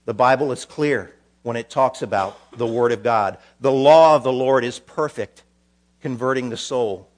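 A man preaching a sermon, charging a young preacher, swinging from quiet, solemn passages to loud, emphatic ones. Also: mid-range voice, moderate pace. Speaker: pastor.

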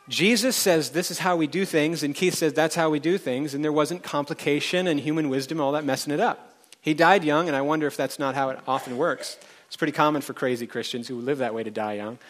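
A man's voice: a little high, fairly bright tone. A man preaching a conversational sermon to a live congregation, chatting directly with the people in the room.

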